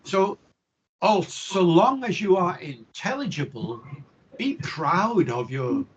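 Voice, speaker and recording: An older man, a linguistics professor, answering interview questions in a measured, reflective and emphatic way over a video call. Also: on the high side, lo-fi sound, slight background noise.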